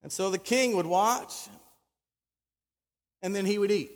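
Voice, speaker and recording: A man preaching a sermon, telling the story in an animated way and building up emphasis. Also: high-pitched, unhurried. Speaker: pastor. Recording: long reverb of a large hall.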